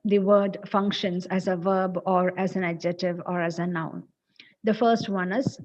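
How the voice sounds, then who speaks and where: A woman from Kerala with a Malayali English accent, giving an online English lecture and repeating each example slowly. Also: mid-range voice, dark tone. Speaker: college English teacher. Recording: lo-fi online class audio.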